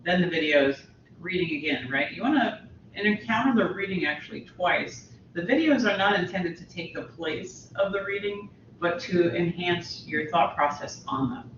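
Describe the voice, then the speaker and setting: A woman's voice: fairly low pitch, expressive, normal speed, a little hiss or hum. A woman teaching a college literature class, talking casually to her students with many fillers and restarts. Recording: roomy, distant, dull lo-fi audio.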